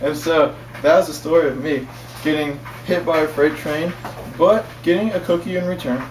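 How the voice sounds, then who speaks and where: Young guy rambling through a story, kinda high voice, repeats himself a lot, far from the mic, echoey room, some faint noise. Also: moderate pace. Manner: rambling, repetitive, chuckling. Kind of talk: casual storytelling.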